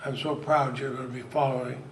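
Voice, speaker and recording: A man's voice: medium pitch, level tone, fairly quick. An older man, giving a folksy, anecdotal speech at a party event and chuckling through his stories. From Vermont, US. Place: event hall. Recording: echoey hall with crowd noise.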